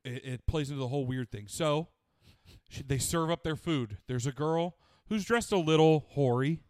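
A man's voice: on the high side, normal speed, no room sound, clean studio sound. A man chatting casually and crudely, animatedly retelling a show and quoting its characters. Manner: profane, animated retelling with quoted voices.

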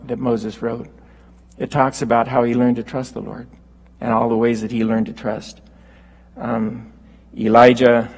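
A man preaching a sermon, unhurried and halting with fillers, rising when he quotes scripture. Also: mid-range voice, darkish tone, breathy edge, long reverb tail, rough recording.

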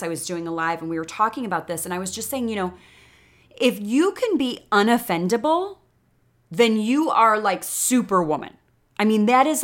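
A woman's voice: medium pitch, a bit bright. A woman from Chicago hosting a motivational podcast, chatty and encouraging in a casual monologue. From Chicago, United States. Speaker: podcast host. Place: Texas.

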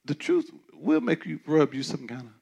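A man preaching a sermon as pastor, talking to the congregation in a conversational way with many restarts, dropping to quiet asides and rising to loud, emphatic declarations. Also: on the high side, normal speed, creaky. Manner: frequent stammering restarts.

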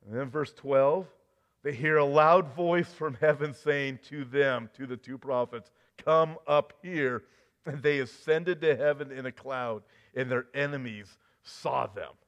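A man's voice: mid-range voice, measured pace. A man preaching a sermon, talking conversationally and telling a dramatic story with rhetorical questions. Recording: dull lo-fi recording.

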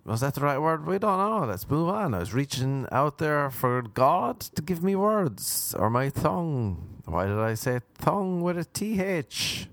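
A man's voice: a little high, sing-song, unhurried, hardly any pauses, a bit bright, dry recording. A man hosting a podcast, riffing in a crude, sarcastic comedic monologue full of mocking impressions. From abroad, living in America. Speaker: podcast host.

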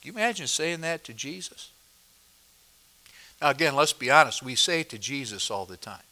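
A pastor preaching a sermon, explaining a passage verse by verse and asking the congregation questions, moving between loud emphasis and quiet asides. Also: male voice, medium pitch, very animated, normal speed. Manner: expository, asks the congregation questions.

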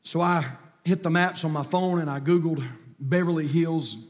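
A middle-aged man, preaching a sermon in a church sanctuary with folksy storytelling that builds to shouting. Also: fairly high pitch, fairly even intonation, normal speed. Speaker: pastor.

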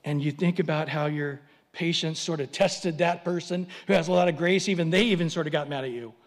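A man's voice: a little high, fairly even intonation, brisk. A man preaching a sermon, telling vivid stories with dramatic swings and humorous asides. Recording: long hall reverb.

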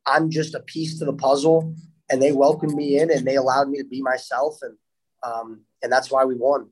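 A man's voice: medium pitch, flat delivery, moderate pace, husky, rough recording. A young man, a hockey player, answering interview questions in a casual, upbeat way, laughing now and then and often repeating words.

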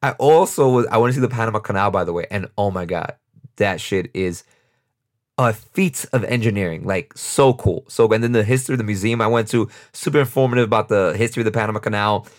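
A young man from New York, USA, with a lowish voice and a New York accent talks fast. He hosts a casual solo podcast, rambling off the cuff and laughing often.

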